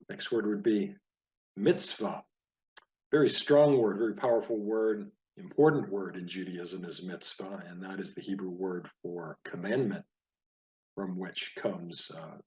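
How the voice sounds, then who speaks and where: Hebrew teacher, man, low-pitched and patient, repeats words slowly for learners. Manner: patient, explanatory, repeats each word slowly. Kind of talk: casual spoken lesson over a page of words.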